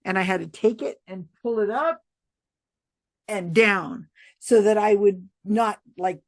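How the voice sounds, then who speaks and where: American woman, chatty host, rambling storytelling, gravelly, dry close sound. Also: medium pitch, a little mellow, no room sound. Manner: chatty and rambling, laughs often. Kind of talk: casual storytelling to camera.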